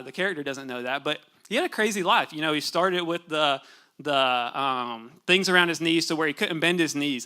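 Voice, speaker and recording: A young man giving a casual, conversational sermon in a church, relaxed and chatty, with fillers and asides to the congregation. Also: a little high, smooth. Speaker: pastor. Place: church sanctuary.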